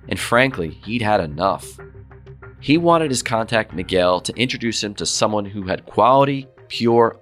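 A man giving matter-of-fact, measured scripted narration. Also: fairly low pitch, a bit bright.

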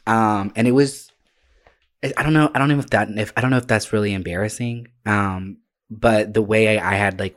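A man's voice: on the low side, a bit bright. Rambling, swearing man co-host. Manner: rambling storytelling with many restarts and swearing. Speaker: podcast co-host. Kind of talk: casual chat.

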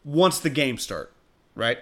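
A man hosting a casual sports talk show, talking in an animated way and breaking into loud, excited bursts. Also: medium pitch, takes it slowly. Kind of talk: casual sports radio chat.

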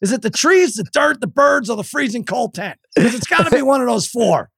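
Badgering loudmouth pal , a man's put-on voice, shrill and relentless, dry close sound. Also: very animated, brisk, gravelly, husky, no room sound, exaggerated voice. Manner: high-pitched needling repetitive questioning. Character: pushy loud middle-aged male friend.

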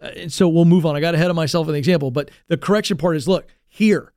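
A man with a fairly high speaking voice hosts a career advice talk show. He lays out his points emphatically and circles back to repeat them. The sound is close and dry. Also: fast talker, dry recording. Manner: energetic and emphatic, with repeated lines and asides.

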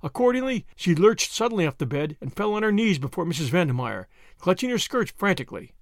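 A man reading a novel aloud with expressive storytelling delivery. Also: sits high, fast talker, dry recording, studio quality. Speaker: audiobook narrator. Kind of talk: scripted novel narration.

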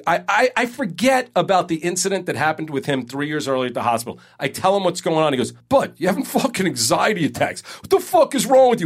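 A man in his forties telling a personal story in a casual podcast chat, animated and swearing. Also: a little high. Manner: animated, swears, acts out quotes.

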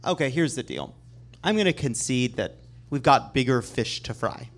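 A man with a mid-range voice hosts a comedy show. He talks in an argumentative way, building quickly to his point, and keeps it conversational. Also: medium pitch, lively intonation. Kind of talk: comic commentary.

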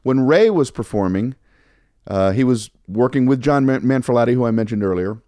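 A man's voice: medium pitch, animated, brisk, mellow, no room sound. An older man, a comedian guest, telling easygoing anecdotes in a casual chat.

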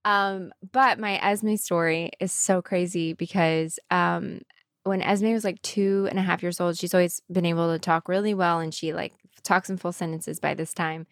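A woman's voice: fairly low pitch, normal speed, no room sound. Chatty woman host, dry close sound. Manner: animated storyteller, acts out quotes; many fillers, 'like' and 'um'. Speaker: podcast host. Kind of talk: casual chat.

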